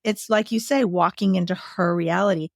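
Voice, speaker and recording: A woman's voice: fairly low pitch, normal speed, no echo, studio quality. A woman in her sixties, a guest telling caregiving stories in casual conversation, laughing often as she talks. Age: 60s. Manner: lively storyteller, laughs often while talking.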